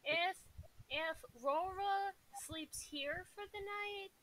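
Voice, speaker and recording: Bright, hesitant woman player. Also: extremely high pitch, slow, rough recording. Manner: hesitant, filler-heavy and sweet. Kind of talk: casual in-character tabletop play.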